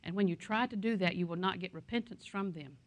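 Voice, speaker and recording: A woman's voice: on the low side, fast talker. A middle-aged woman pastor preaching a sermon in a conversational way, with asides and anecdotes.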